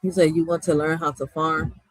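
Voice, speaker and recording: A man's voice: fairly high pitch, level tone, normal speed, fairly bright tone, no echo, rough recording. A young man, chatting casually and rambling with slang and frequent laughs as he answers his chat. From US East Coast. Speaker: streamer responding to chat.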